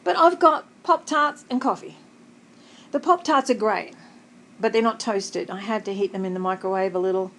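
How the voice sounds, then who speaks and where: A woman's voice: medium pitch, normal speed, fairly bright tone, rough recording. An Australian woman chatting in a rambling, conversational way in a personal vlog, often laughing, sitting up in bed in a hotel room. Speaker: vlogger.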